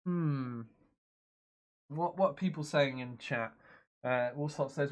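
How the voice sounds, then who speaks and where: A man's voice: fairly high pitch, slow. A man streaming a strategy game, chatting casually, laughing often and reading viewer messages and game text aloud. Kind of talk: casual let's-play commentary.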